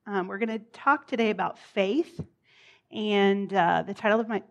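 A woman's voice: mid-range voice, moderate pace, gravelly. A woman preaching a sermon in a chatty, informal way, with laughs and casual asides.

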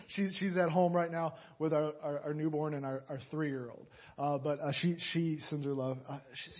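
A young man from Atlanta preaching a sermon, telling a story with animated, dramatic energy and many restarts. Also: a little high, breathy edge. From Atlanta, USA. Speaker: pastor. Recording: dull lo-fi recording.

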